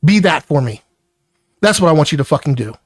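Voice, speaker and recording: A man's voice: a little high, animated, a little fast, husky, no room sound. An angry man lecturing an employee in a heated work argument, swearing constantly. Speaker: business owner confronting an employee.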